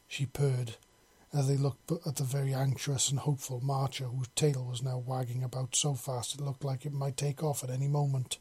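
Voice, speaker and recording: Male narrator, husky, monotone, middle pitch, steady storybook reading. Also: moderate pace, few pauses.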